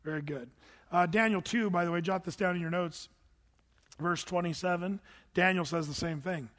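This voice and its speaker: A middle-aged man preaching a sermon in an animated, conversational way with touches of humor. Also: high voice, moderate pace, long reverb tail. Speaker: pastor.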